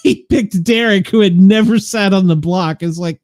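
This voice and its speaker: A man's voice: high voice, moderate pace, darkish tone, dry recording. A man hosting a podcast in casual chat, gossipy and profane, often laughing as he talks. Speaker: podcast host.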